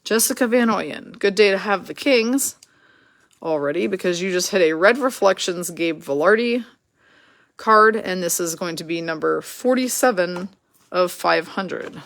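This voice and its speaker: Woman, card break host, low gravelly voice, chatty, rattles off names and teams. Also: fairly bright tone. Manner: chatty, quick rundown of names and teams, laughs at herself. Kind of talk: live card break commentary.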